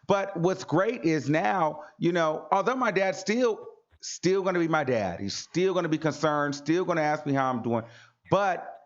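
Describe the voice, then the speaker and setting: A man's voice: fairly high pitch, lively intonation, normal speed, lo-fi sound. A man hosting a livestream talk show, speaking in an earnest, preachy way and repeating lines for emphasis. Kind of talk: casual motivational livestream talk.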